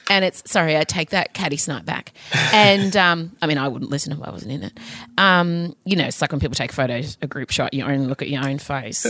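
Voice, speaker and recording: Bright, animated woman. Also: low voice, dry recording. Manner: animated, swears and laughs often. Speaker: podcast co-host. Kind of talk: casual chat.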